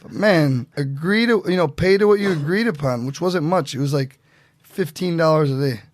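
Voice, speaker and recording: A man telling stories as a podcast guest in a casual, animated way, acting out what other people said. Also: fairly high pitch, moderate pace. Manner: animated, acts out quotes in voices. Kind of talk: casual storytelling.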